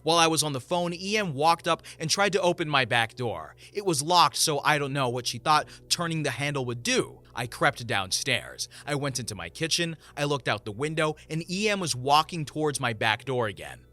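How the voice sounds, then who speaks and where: A man, a voice actor, reading a story aloud in first person and adding expressive commentary. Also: on the high side, moderate pace, few pauses.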